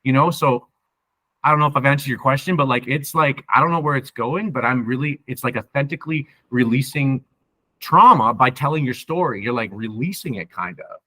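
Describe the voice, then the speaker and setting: Bright-voiced man telling his story. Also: medium pitch, brisk, poor audio. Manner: rambling, emphatic storytelling with many "right?" asides. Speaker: podcast guest sharing his sobriety story. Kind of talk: casual interview talk.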